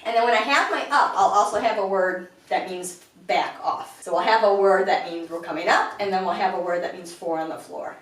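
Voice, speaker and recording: A woman dog trainer explaining a lesson calmly, breaking into high-pitched praise for her puppy. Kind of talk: instructional explanation. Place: indoors, sitting on the floor. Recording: very echoey room, voice far from the mic.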